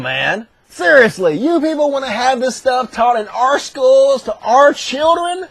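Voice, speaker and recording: Profane sarcastic man, very high voice. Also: very animated, measured pace, creaky, dry recording. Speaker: online commentator. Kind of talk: comedic sarcastic recap.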